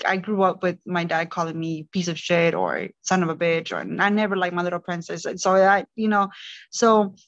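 A woman's voice: lowish voice, fairly even intonation, normal speed, no room sound. Hesitant woman rambling, muffled audio. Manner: rambling, hesitant, many "like" and "you know". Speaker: coaching client. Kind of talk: personal interview.

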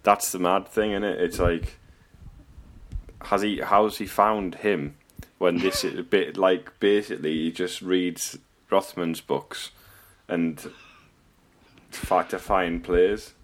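A man's voice: low voice, steady tone, takes it slowly. A man in casual football chat, rambling and laughing often, trailing off mid-sentence.

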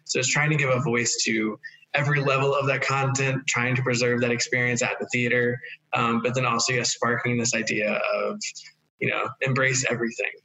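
A man's voice: mid-range voice, little pitch movement, a little fast, gravelly, pushed and bright, rough recording. A man speaking earnestly in a panel discussion about film, with frequent fillers. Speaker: film organization member.

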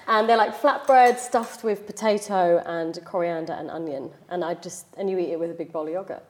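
A woman's voice: fairly low pitch, brisk. A woman, chatting casually as a guest while she cooks in her home kitchen, often saying "like" and "you know". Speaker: chef and podcast guest. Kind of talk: casual chat while cooking.

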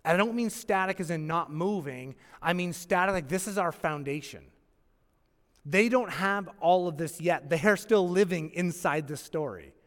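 A man preaching a sermon as pastor, with emphatic pauses and acted-out quotes. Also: high-pitched, fairly bright tone. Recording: long hall reverb.

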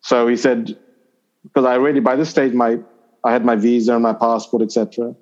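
A middle-aged man from Zimbabwe recounts a personal story as an interview guest, meandering through it with ums and restarts. His pitch sits in an ordinary middle range. The audio is slightly dull and lo-fi. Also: little pitch movement, fairly quick, a little mellow. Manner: rambling anecdotal, with fillers and restarts. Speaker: interview guest, former cricketer. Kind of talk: conversational storytelling.

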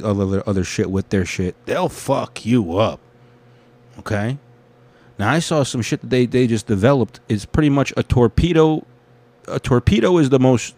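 Low-voiced man in a profane rant. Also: a little mellow. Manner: rambling, profane, restarts a lot. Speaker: vlogger. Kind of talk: casual rant.

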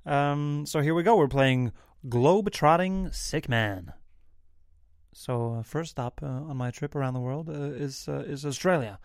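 A man hosting an improvised comedy sketch in a slightly high voice, stumbling and repeating himself in flustered stammers. He often breaks into giggles as he plays along. The recording is dry and close. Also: unhurried, dry recording. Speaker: host of a comedy bit.

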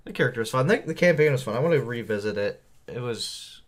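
A man's voice: mid-range voice, lively intonation, fast talker. A young man chatting casually and telling a rambling story about a tabletop game he ran, with many fillers. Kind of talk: casual chat.

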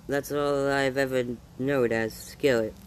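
A weary drifter, hungry and grateful, answers in humble rural talk, read by a man. His voice sits at an ordinary middle pitch for a storybook reading. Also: fairly even intonation, a little slow, clean tone, natural voice, low-quality recording. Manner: folksy rural speech, eager and polite.

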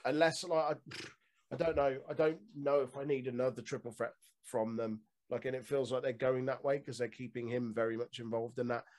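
A man's voice: mid-range voice, fairly even intonation, moderate pace, darkish tone. A man co-hosting a podcast in casual, opinionated chat, swearing freely. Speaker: podcast co-host.

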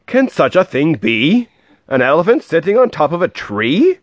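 A man voicing a group of excited, greedy male hunters in a storybook read aloud, exclaiming loudly in a raised voice on a dry, dull lo-fi recording. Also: on the high side, normal speed, dry recording, pitched above the performer's own voice.

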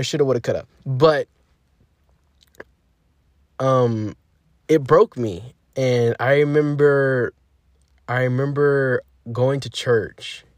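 A man's voice: mid-range voice, no echo. Young man rambling candidly, dry sound. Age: 20s. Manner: rambling and candid, swears freely, swings from quiet to emphatic. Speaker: podcast host. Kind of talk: casual personal storytelling.

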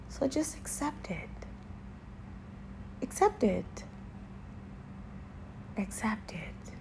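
A woman giving a spiritual encouragement talk, speaking directly to the listener with gentle, repeated reassuring affirmations. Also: mid-range voice, vocal fry, slight background noise. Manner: speaks directly to the listener, asking if they follow.

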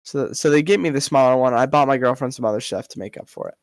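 A man's voice: medium pitch, fast talker, dry recording. A young man co-hosting a podcast, chatting casually in a crude, offhand way with plenty of swearing. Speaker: podcast co-host. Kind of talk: casual chat.

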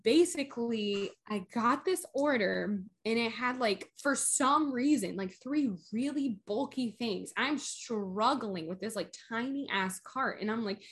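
A woman's voice: a little high, a little slow, few pauses. Tipsy young woman telling stories. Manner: rambling storyteller, laughs often. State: a little tipsy. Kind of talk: casual chat.

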